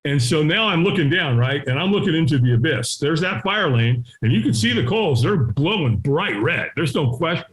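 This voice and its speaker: A middle-aged man telling a story as an interview guest, acting out the voices of people in it and sometimes shouting. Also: a little high, expressive, moderate pace, few pauses. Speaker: guest, firewalking instructor. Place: his home.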